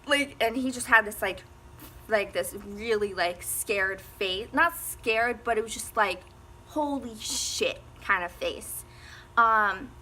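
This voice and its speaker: A woman's voice: on the high side, bright, forceful tone. A teenage girl telling a casual storytime, rambling with lots of fillers and frequent laughs. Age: teens. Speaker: vlogger.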